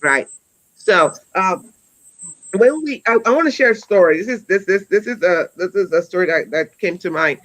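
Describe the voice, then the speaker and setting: A fairly low-pitched, expressive woman speaks at normal speed in a low-quality recording. She's a forties-aged educator telling a story conversationally on a wellness talk, earnest throughout, with many restarts and repeated words. She ends by urging listeners forward.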